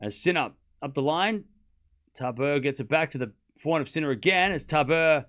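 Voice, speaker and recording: A young man hosting a live tennis watchalong, chatting excitedly with viewers and calling scores. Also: a little high, fairly quick. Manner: chatty and excitable, laughs often, repeats phrases, calls out live scores. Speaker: livestream tennis watchalong host. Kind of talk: casual live-stream commentary chatting with viewers.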